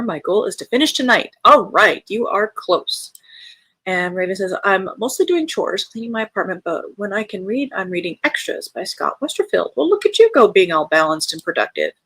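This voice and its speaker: A woman's voice: medium pitch, no room sound. A woman hosting a live reading stream, chatting casually and reading out viewer comments with an American accent. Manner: chatty, friendly, reads chat aloud with bright lifts. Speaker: livestream host of a reading sprint.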